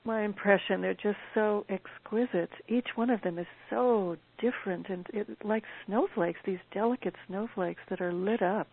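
A woman hosting a spiritual call, talking gently and haltingly as she searches for words. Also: mid-range voice, slightly rough. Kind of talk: casual conversation on a call. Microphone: call audio. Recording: tinny phone-line call.

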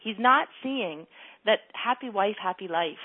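A woman's voice: medium pitch, animated, unhurried, husky, no room sound. A woman hosting a call-in advice show, direct and coaching, often acting out sample lines for the caller. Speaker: radio advice host. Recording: phone-like radio audio.

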